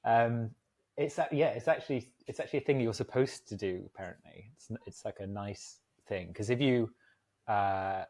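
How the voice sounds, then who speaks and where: Chatty male podcast host, low voice, loose and laughing. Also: normal speed, a little mellow. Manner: chatty, laughs easily, rambling asides. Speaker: podcast host, agency co-founder. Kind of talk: casual podcast chat.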